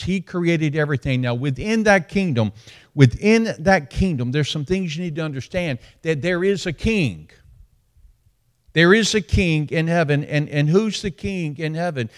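A man with a Southern US accent preaching a sermon as a pastor, repeating phrases for emphasis and swinging between hushed and raised delivery. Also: on the high side.

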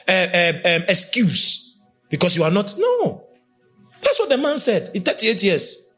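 A man preaching a sermon, emphatic, swinging between shouts and low, intense speech. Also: wildly swooping pitch, a little slow, soft background music. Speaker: prophet preaching.

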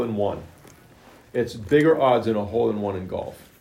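Gravelly-voiced man preaching in an echoey room. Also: on the low side, normal speed, long pauses, warm tone. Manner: emphatic, retells scripture in plain everyday words. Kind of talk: sermon.

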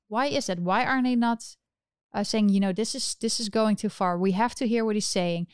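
Woman ranting about politics, dry close mic, super clear voice. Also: medium pitch, no room sound. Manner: animated, indignant, restarts often. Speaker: political commentary host. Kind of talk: casual political commentary.

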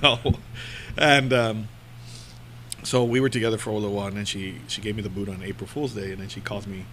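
Man with a bright, lively voice; casual chatty storyteller, often laughing. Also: on the low side, a little fast, a little hiss or hum. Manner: laughs often while telling stories.

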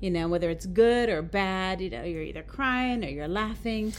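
An American woman co-hosts a casual podcast. She talks in an animated way and laughs often. Her voice sits at an ordinary pitch for a woman, with a faint rumble behind it. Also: normal speed. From United States. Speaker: podcast co-host. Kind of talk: casual chat.

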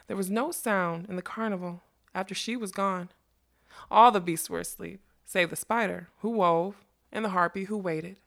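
Woman reading a fantasy storybook aloud, steady mid-pitch, expressive. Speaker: narrator.

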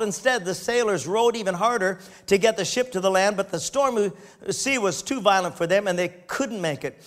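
High-voiced man preaching a sermon. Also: normal speed, a bit bright. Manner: reads aloud then breaks off to comment, laughing often. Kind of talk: sermon reading and commenting on scripture.

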